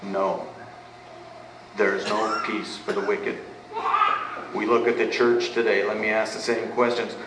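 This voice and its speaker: A man's voice: fairly low pitch, level tone, measured pace, long pauses. A man preaching a sermon as a pastor, emphatic and fond of asking questions and answering them himself. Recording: echoey room, mic at a distance, faint background noise.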